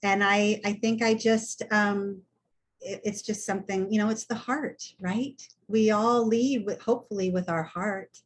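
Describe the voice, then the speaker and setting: A woman's voice: mid-range voice, fairly even intonation, unhurried. An older woman, a hospice nurse, talking frankly and plainly as a guest on a video call. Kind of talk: casual chat on a video call.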